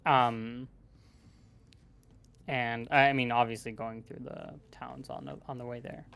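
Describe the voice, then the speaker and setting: A man's voice: mid-range voice, level tone, slow pace, gravelly, a bit bright, a little hiss or hum. A man talking casually as a player in a tabletop game, rambling with lots of fillers and restarts.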